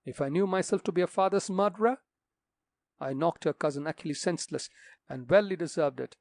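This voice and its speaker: A man voicing a stern older gentleman who speaks solemnly and with authority. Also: a little high, brisk, vocal fry, dry recording. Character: stern older man, a returned father figure.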